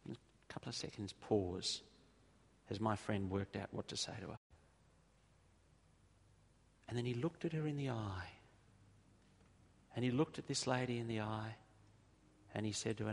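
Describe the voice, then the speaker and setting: A middle-aged Australian man delivers a sermon in a low, gravelly voice with a husky edge. He tells stories and hammers his points through repetition, easing down on the key lines. The sound carries a long reverb from a large church hall. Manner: storytelling, emphatic repetition, slows down for key points. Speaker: preacher.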